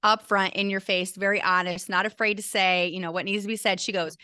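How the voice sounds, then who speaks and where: Her mid-range voice is brisk, sharp, and smooth with fairly even intonation as this middle-aged teacher and burnout coach earnestly and emotionally relates a personal story in an interview. She keeps restarting sentences, and the sound is dry and clean, studio-grade.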